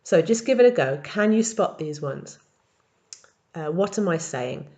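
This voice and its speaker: A French teacher with a lowish, mellow and expressive voice leads a recorded language tutorial. She explains verb patterns step by step, modelling each form slowly.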